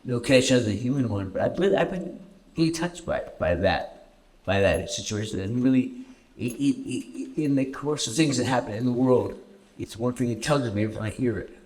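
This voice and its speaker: A man from Canada answering audience questions at a festival screening, halting and repeating words often as he tells stories. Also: medium pitch, expressive, a little mellow. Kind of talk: festival Q&A storytelling. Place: festival stage Q&A.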